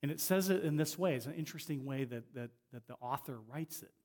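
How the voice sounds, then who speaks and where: A middle-aged man preaching as a guest speaker in a conversational way, often restarting phrases and slowing down to stress a point. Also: a little high, darkish tone. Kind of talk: sermon.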